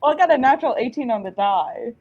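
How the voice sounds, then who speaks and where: High, mellow-voiced playful woman. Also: lively intonation, fast talker, muffled recording, soft background music. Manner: playful, teasing. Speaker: player. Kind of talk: casual tabletop play.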